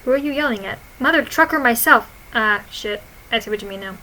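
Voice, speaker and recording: Bright giggly young woman vlogger. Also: a little high, brisk, low-quality recording. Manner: giggly, swearing, animated retelling. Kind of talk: casual reading of her own posts.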